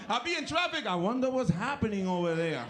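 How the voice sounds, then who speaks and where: A man from the Bronx doing a loud, punchy stand-up set on a comedy club stage. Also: high-pitched, big pitch swings, brisk. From the Bronx, New York.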